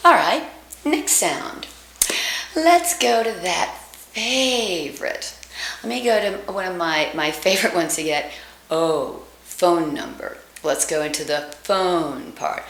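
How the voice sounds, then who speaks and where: A woman, an acting coach giving a lesson and slowly sounding out vowels to demonstrate them. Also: lowish voice, expressive, creaky, a bit bright. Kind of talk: accent reduction lesson. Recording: echoey room.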